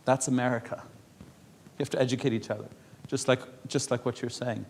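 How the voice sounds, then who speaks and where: A man's voice: medium pitch, steady tone, fairly quick, a little mellow, slight background noise. A man from Europe speaking to an audience in a conversational way, telling anecdotes with frequent laughs and repeated words. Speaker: speaker at a public panel.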